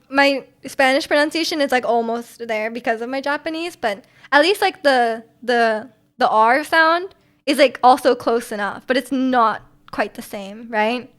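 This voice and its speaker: Chatting casually on stream and reading viewer comments, this young woman has a voice that sits high with a fairly bright tone. Her talk rambles, full of ums and restarts, and her voice is a little sore.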